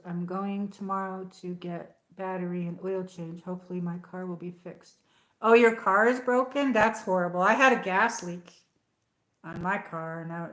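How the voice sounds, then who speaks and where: A woman hosting a casual livestream from home, telling a story with lots of fillers and restarts. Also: medium pitch. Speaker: livestream host. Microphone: tablet. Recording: echoey room.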